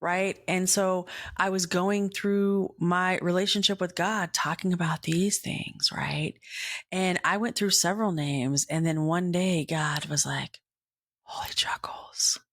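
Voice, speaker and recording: A woman's voice: fairly low pitch, a little slow, dry recording, studio quality. A middle-aged woman hosting a podcast, telling a rambling personal story and acting out bits of dialogue in other voices. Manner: animated, rambling, acts out dialogue with whispered asides. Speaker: podcast host. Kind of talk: casual storytelling monologue.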